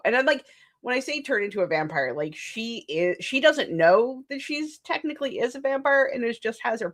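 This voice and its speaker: A woman's voice: mid-range voice, a bit bright. A young woman hosting a live writing stream, chatting casually, laughing often and restarting her sentences as she goes.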